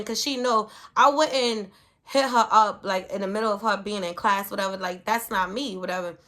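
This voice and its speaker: Chatty middle-aged woman, bright voice. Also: mid-range voice, normal speed. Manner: chatty, peppers speech with "like" and "whatever". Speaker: parenting vlogger. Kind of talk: casual storytime chat.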